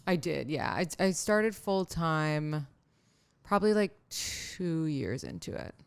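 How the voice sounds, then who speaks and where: A chatty woman in her thirties from New York City, talking as a guest in a relaxed conversation. Her voice has a gravelly, fry-tinged edge, and she laughs easily. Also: low voice, slow pace. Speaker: podcast guest. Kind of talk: casual chat.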